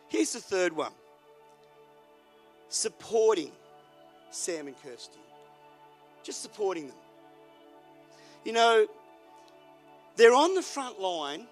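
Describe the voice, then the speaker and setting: An older man, a pastor, telling a personal story in a folksy sermon, moving between quiet and loud. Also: high voice.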